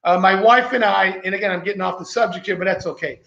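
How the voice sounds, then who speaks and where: Gravelly high-voiced man telling a story. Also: fast, bright, forceful tone, slight background noise. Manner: rambling, chatty, digressive. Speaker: vlogger host. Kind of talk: casual storytelling to viewers. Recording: echoey, slightly dull recording.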